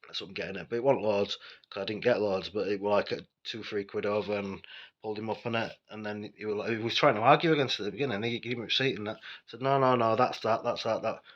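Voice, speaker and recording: Yorkshire man, low voice, sweary rambling storyteller, dull lo-fi sound. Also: fairly even intonation, quick pace. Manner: rambling, sweary and blunt, with frequent asides to the listener. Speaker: vlogger telling personal stories. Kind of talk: casual storytelling monologue.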